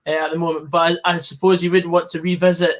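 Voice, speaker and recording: Male stream host, higher voice, easygoing, reads chat. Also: little pitch movement, fast talker, a little hiss or hum. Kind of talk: casual football chat. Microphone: online voice call.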